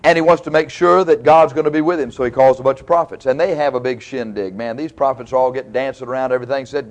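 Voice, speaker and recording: A man's voice: medium pitch, fairly even intonation, fast, few pauses. A man preaching a sermon, retelling stories in a folksy, colloquial, dramatic way. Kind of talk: sermon, storytelling.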